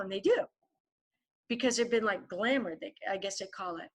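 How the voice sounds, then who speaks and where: A woman's voice: mid-range voice, normal speed. A woman guest author telling a vivid story in a podcast interview, often turning to the host by name.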